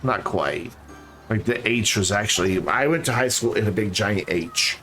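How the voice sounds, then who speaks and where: A man's voice: lowish voice, moderate pace, music in the background. A man streaming a game, chatting casually and rambling to his viewers. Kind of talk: casual live-stream chat.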